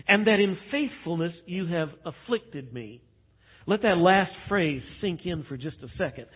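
Man, pastor, sermon, hushed emphasis to loud playful acting out, slightly high voice, tinny phone-like sound. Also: expressive, a little slow, slightly rough.

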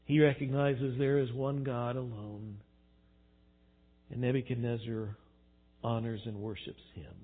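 A man preaching a sermon, animated, swinging between quiet reflection and loud emphasis. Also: medium pitch, unhurried, pauses often. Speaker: pastor. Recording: tinny phone-like sound.

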